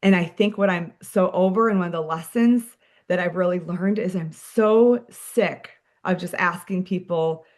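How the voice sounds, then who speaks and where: A woman leading a team meeting as a sales director, giving an energetic, chatty motivational talk, full of "like" and "friends". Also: fairly low pitch, moderate pace.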